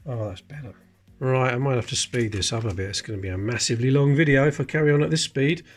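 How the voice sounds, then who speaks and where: Male host, mid-pitched, casual and explanatory, coin hobby commentary. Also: quick pace, faint music behind. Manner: chatty, explains details while handling coins. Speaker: coin collecting channel host.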